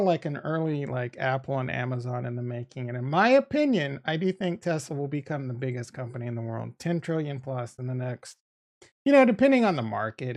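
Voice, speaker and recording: A man's voice: a little high, a little mellow. A man with a Boston accent, chatting casually on a livestream, rambling and swearing as he answers chat. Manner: rambling, profane, talks back to chat. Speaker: crypto streamer reading chat.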